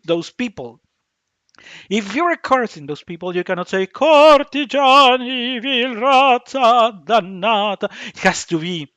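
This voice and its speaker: A man's voice: on the high side, fairly bright tone, dry recording, studio quality. A man hosting an opera vlog, talking casually and passionately as he explains a performance, often restarting his sentences. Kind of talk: casual commentary while watching a performance.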